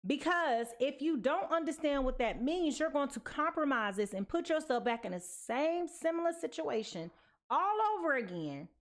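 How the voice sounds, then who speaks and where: A woman's voice: high-pitched, animated, normal speed. A sleepy woman giving a casual tarot card reading, chatty and sassy, tossing in slang and pet names. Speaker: tarot reader.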